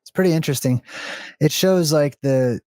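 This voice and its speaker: A man's voice: a little high, normal speed, warm tone. A man chatting casually during a gameplay session over a voice call, thinking aloud as he explains ideas. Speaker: co-host of a gaming video.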